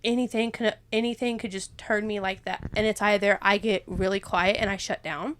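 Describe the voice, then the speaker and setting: A woman's voice: medium pitch, fairly even intonation, brisk, a bit bright, slight background noise. Emotional young woman sharing openly. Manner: emotional, rambling, confessional, laughs often. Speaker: podcast co-host. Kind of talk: casual faith chat.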